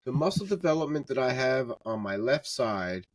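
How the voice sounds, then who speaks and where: A man from Canada teasing his buddies in a relaxed podcast chat. His voice rises and falls a lot and comes through from a little away from the microphone. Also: medium pitch, moderate pace, no room sound. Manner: teasing, animated mock voices. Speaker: podcast co-host. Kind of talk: casual chat. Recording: distant from the mic.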